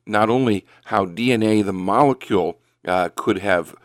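An older man with a lowish voice hosts a Christian radio talk show from Northeast Ohio. He meanders through his thoughts with frequent "uh"s and false starts, and moves into prayer and scripture reading. The sound is dry, close and studio-clean. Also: no echo. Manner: rambling and unhurried, with many "uh" fillers and restarts.

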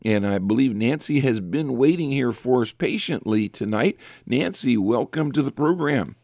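A man hosting a late-night radio call-in show as a pastor, talking in a relaxed, chatty way with many fillers and restarts. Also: mid-range voice, normal speed, dry recording, clean studio sound.

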